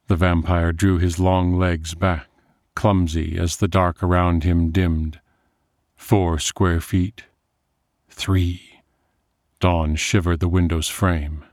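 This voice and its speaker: A deep-voiced man reads a dark story slowly and with careful atmosphere. The recording is dry and close, with no room sound. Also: flat delivery, dry recording. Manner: measured, atmospheric. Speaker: narrator. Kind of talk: scripted story narration.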